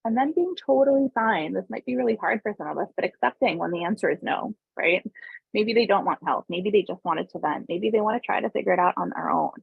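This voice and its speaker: In an informal online parenting webinar, a woman explains things calmly and conversationally, speaking fairly quickly at a medium pitch and often adding tag questions. Her very husky, breathy voice is gravelly with vocal fry, and she briefly imitates parents and kids. The dry recording sounds tinny and phone-like.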